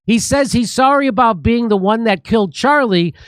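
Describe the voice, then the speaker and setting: A man's voice: very high voice, expressive, normal speed, clean tone, no echo. A man hosting a political talk show, sarcastic, building up a list of points one after another.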